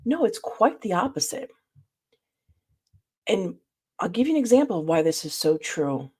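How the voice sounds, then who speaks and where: A woman presenting a reflective spiritual study talk, speaking in a measured way and addressing her listeners directly. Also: mid-range voice, very animated, darkish tone, husky.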